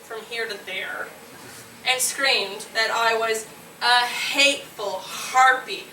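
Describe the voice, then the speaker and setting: A woman from Nova Scotia, Canada, in her late twenties, telling a brash, animated comic story on stage, often laughing at her own lines and yelling punchlines. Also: fairly high pitch, slow. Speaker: solo comedy performer. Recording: roomy, distant, noisy live room recording.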